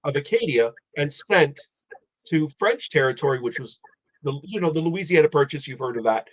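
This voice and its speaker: Live stream host, male, slightly high voice, rambling explainer, muffled low-fi audio. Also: animated, normal speed. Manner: rambling, explanatory, many restarts. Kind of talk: casual chat. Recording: dull lo-fi audio.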